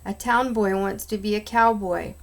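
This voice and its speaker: A woman's voice: medium pitch, fairly even intonation, normal speed, creaky, close to an everyday voice. A woman reading aloud, voicing a big, friendly male cowboy rancher in a hearty, plain-spoken way.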